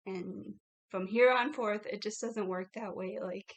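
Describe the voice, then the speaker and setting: A woman's voice: mid-range voice, steady tone, moderate pace. A woman talking candidly to her channel in a casual confessional vlog, reflective and full of "like" fillers. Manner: reflective, heavy "like" fillers, laughs between thoughts. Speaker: YouTuber.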